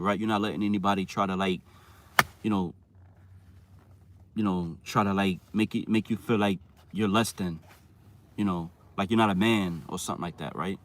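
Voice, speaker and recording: A man's voice: fairly low pitch, a little fast. A man talking casually to his live viewers, rambling, restarting words and checking in with "right?" again and again. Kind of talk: casual livestream chat.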